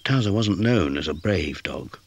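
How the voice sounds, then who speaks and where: A man narrating a children's storybook in a gentle, expressive way. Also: low-pitched, unhurried, breathy edge. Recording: music behind.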